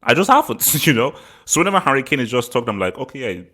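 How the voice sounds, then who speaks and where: Guy from england ranting casually about football, mid pitched, keeps repeating words. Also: sing-song, quick pace, sharp tone. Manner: rambling, repeats words, laughs often. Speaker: football channel host. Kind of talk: casual opinion vlog.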